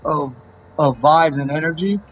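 A man's voice: a little high, unhurried, dull audio. A man, a rapper guest, talking casually and animatedly, repeating himself and calling the host "bro". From Los Angeles area. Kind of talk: casual interview chat.

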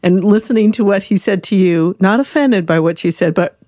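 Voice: medium pitch, moderate pace, mellow, dry recording, studio quality. An interviewer who laughs easily and asks follow-up questions. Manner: amused, laughs often.

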